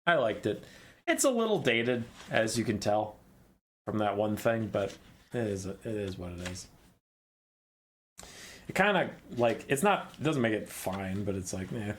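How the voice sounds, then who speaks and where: A man's voice: fairly low pitch, lively intonation, measured pace, long pauses, a little hiss or hum. A man hosting his channel, casually summarizing a fantasy novel in a rambling, irreverent, swearing style. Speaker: channel host.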